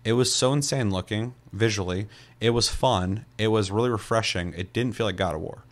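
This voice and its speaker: A man's voice: lowish voice, fairly quick. A young man chatting casually as a podcast co-host, loose and profane, rambling with lots of fillers. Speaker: podcast co-host reviewing a video game. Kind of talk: casual chat.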